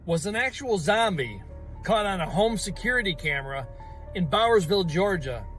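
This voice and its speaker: High-voiced insistent man. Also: lively intonation, normal speed, a bit bright, soft background music. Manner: insistent, challenging. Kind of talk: conspiracy commentary.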